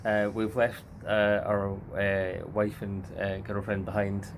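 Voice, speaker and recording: Excitable man hosting an outdoor reaction. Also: on the low side, slow, slight background noise. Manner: excitable, swearing lightly, joking. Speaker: channel host reacting to TV episode. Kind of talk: casual reaction chat. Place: outdoors in a remote spot. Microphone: handheld mic held by co-host.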